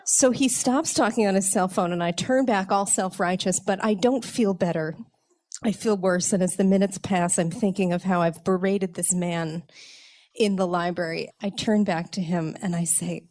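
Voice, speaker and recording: A young woman comedian telling a comic personal story in a wry, self-mocking, animated way. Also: fairly low pitch, moderate pace.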